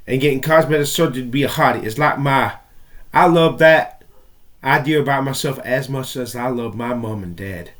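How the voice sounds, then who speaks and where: A male caller on a talk show pours out a long, rambling grievance with the odd curse word. His voice sits fairly high for a man. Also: a bit bright. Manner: rambling, aggrieved, profane. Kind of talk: call-in show monologue.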